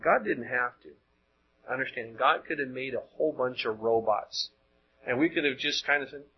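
Male preacher, husky voice, conversational sermon full of rhetorical questions; muffled lo-fi recording. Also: mid-range voice, moderate pace. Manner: conversational, rhetorical questions, frequent word repeats.

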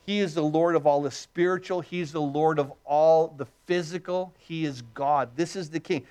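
Emphatic high-voiced male preacher. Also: steady tone, moderate pace, a little mellow, clear, resonant tone. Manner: rhetorical questions answered himself, emphatic. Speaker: pastor. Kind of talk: sermon.

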